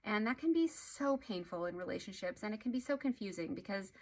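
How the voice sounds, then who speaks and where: A woman relationship therapist giving an earnest, explanatory talk to camera, with animated emphasis. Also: medium pitch, a little fast.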